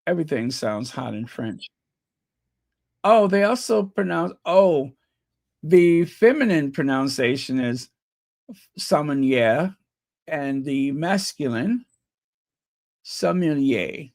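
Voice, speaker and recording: A man's voice: a little high, big pitch swings, takes it slowly, gravelly, darkish tone, no room sound, studio quality. A man hosting a live stream, chatting in a rambling, playful way and repeating words over and over as he tries out how to say them. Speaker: channel host.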